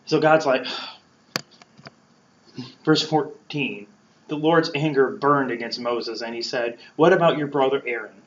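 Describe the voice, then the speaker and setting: A man at a middle pitch gives a relaxed Bible talk and slips into playful voices for the people in the story. The sound is roomy and a bit dull, like a lo-fi room recording. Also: a little slow, pauses often. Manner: conversational, acts out quotes playfully. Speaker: podcast host teaching scripture. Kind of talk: casual Bible teaching.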